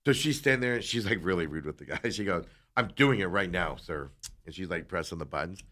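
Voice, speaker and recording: A man on a talk show, casually telling a long story and animatedly acting out the people in it, sometimes dropping into quiet asides. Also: low voice, animated, a little fast. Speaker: co-host.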